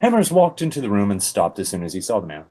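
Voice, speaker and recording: A man's voice: lowish voice, fast. A man giving a comedic dramatic reading of fan fiction, breaking into giggles. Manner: expressive, giggling.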